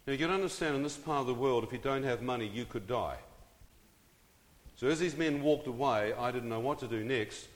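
Telling his personal story with drama, a middle-aged man keeps turning to the audience with questions and side remarks. His mid-range voice moves fairly quickly, echoing with the long reverb of a big hall.

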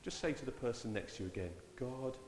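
A man leading a church service in an informal, halting way, often repeating his words. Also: on the low side, lively intonation, crowd noise. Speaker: church leader. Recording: echoey church hall, far mic.

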